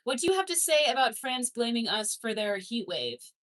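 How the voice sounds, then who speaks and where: A young woman streamer from Canada chats casually with her viewers. Her voice sits a little high, and she talks loosely, swears now and then, and laughs easily as she reacts to comments. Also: sing-song, normal speed, fairly bright tone. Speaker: streamer reading chat. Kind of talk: casual livestream chat.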